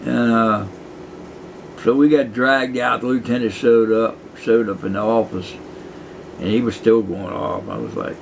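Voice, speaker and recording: A retired prison guard in his sixties tells rambling, profane stories to camera, chuckling as he meanders through them. His low-ish voice is animated and measured, with vocal fry, and the rough recording has a little hiss or hum.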